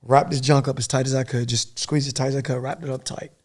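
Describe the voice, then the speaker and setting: A middle-aged man, a podcast guest and former soldier, telling a war story in a profane, animated, rambling way. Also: medium pitch, fast talker.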